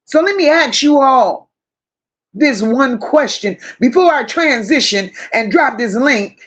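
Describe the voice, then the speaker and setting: Woman host, high voice, slow deliberate delivery, dramatic and slangy as she reads comments aloud. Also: lo-fi sound. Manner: animated, dramatic, slangy and emphatic. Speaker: livestream host. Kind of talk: casual live chat reading comments.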